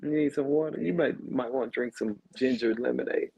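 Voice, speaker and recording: A man's voice: medium pitch, creaky, a little mellow, breathy edge, lo-fi sound. A man hosting a live podcast in a loose, joking way, tired after a long day. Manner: loose, joking, drawn-out greetings. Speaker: podcast host. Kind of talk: casual live podcast chat.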